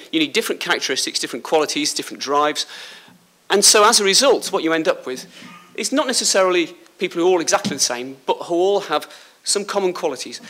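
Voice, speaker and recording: A man from Liverpool with a slight Liverpool accent gives a school talk as a surgeon, chatty and joking with the pupils. His voice sits a bit high for a man and sounds bright and forceful. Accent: Liverpool English. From Liverpool, England. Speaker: guest speaker, surgeon. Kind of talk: school speech. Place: school hall.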